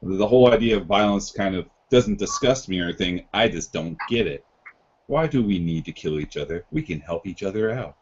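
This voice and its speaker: A man doing a flat, polite data-being. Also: deep voice, brisk, slight background noise. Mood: calm. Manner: flat monotone. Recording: lo-fi online voice chat.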